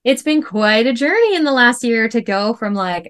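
Speaking a little high at a moderate pace with few pauses, a woman in her thirties shares her personal story on a podcast. She's candid, animated and emphatic, and leans heavily on "like" as a filler.

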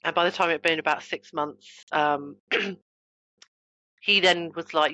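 A woman guest on a podcast interview, telling personal stories in an animated, self-mocking way with frequent restarts. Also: on the low side, normal speed, muffled recording. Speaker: guest, author and trauma coach.

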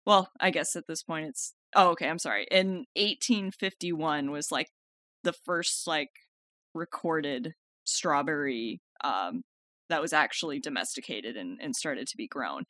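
A woman's voice: sits low, a little slow, bright, forceful tone, dry recording. A woman co-hosting a casual chat, upbeat and full of fillers. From California. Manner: chatty, filler-heavy, upbeat, laughs often. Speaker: podcast co-host.

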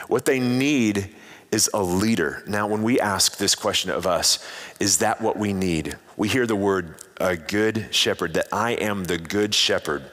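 A man's voice: on the low side, fairly bright tone. A male pastor giving a sermon in a loose, conversational way, with frequent fillers and restarts. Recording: long hall reverb.

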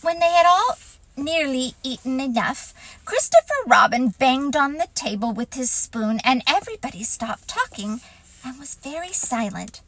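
Slow gentle woman reading a children's story. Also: high-pitched, no echo, rough recording. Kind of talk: children's story read aloud.

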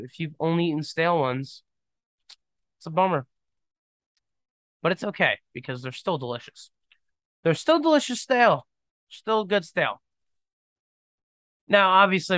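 A man's voice: fairly high pitch, sharp tone, smooth, dry recording. A young man hosting a podcast in casual solo chat, rambling and emphatic, often saying "dude". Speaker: podcast host.

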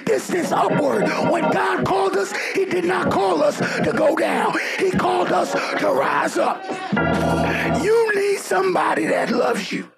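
A man preaching a sermon in a high, gravelly voice. He shouts with fervor, mixes in humor and keeps calling on the congregation to answer back. Loud music plays behind him the whole time. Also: a little slow.

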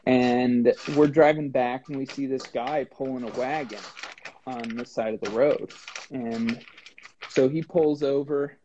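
Tell the story like a man who is talking with friends. Keep the voice warm and mellow, and act out the other people's lines. The recording should sound dull and lo-fi, with a faint hiss behind you. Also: mid-range voice, unhurried. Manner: animated retelling with acted-out dialogue. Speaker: guest, long-distance hiker. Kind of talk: storytelling in a casual chat.

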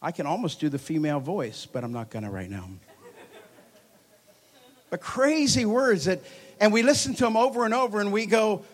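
Animated male preacher, lively and joking. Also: high voice, normal speed. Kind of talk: charismatic sermon. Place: church hall before a congregation.

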